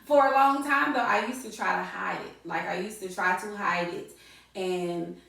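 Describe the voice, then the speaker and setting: A woman's voice: medium pitch, normal speed, creaky, sharp tone. A middle-aged woman hosting a podcast, chatting casually and animatedly, laughing often and repeating words for emphasis. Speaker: podcast host. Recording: echoey room, distant mic.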